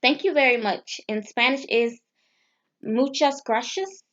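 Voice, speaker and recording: A woman with a slightly high voice talks slowly through foreign phrases, stopping and restarting as she sounds out words. Her asides are nervous and self-deprecating. The camera-mic audio is dull and lo-fi. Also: a bit bright. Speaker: vlogger. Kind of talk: casual language practice vlog.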